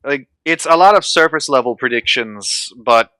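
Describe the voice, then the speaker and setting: A man's voice: mid-range voice, expressive, moderate pace, bright, forceful tone, dry recording. A young man chatting casually on a podcast, wry and matter-of-fact. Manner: wry, explains things matter-of-factly. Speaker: vtuber guest.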